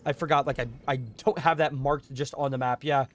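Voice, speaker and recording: A young man streaming a space game live, chatting casually with his viewers, his voice a bit strained from yelling, with bursts of excitement. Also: medium pitch, a little fast. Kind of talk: casual live gameplay commentary.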